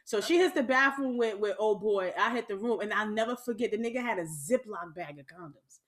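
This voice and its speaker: A woman's voice: medium pitch, fairly quick, a bit bright. A woman in her thirties telling a profane story in casual chat, laughing often and talking with lots of energy.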